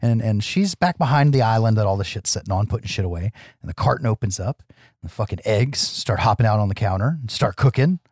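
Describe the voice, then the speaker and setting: A man's voice: fairly low pitch, lively intonation, fast talker, a little mellow, breathy edge, no echo, clean studio sound. A man co-hosting a podcast, recapping a film in casual chat, swearing freely and laughing often. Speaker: podcast co-host.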